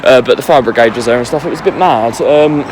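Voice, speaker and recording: A young man with a voice going hoarse, recapping a football match in casual rambling chat while walking outside at night. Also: medium pitch, fast talker, slight background noise. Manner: rambling, filler-heavy fan chat. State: losing his voice. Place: walking on a street at night outdoors.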